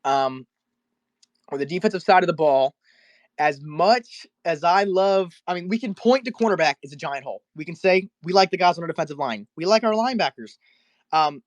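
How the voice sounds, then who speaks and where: Measured, analytical man with higher voice. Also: no room sound. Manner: measured and analytical, with soft fillers. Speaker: caller, fan content creator. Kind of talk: casual call-in discussion.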